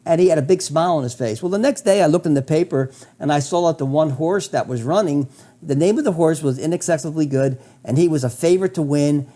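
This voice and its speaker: Man, fairly high, dark-toned, enthusiastic storyteller, restarts a lot. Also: fast. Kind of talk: storytelling in conversation.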